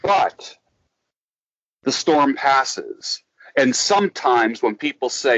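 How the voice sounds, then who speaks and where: A man speaking as an interview guest, giving life advice in a slow, emphatic, preacherly way with lots of repetition. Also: medium pitch, animated, fairly bright tone, dry recording, lo-fi sound. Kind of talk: interview, motivational talk.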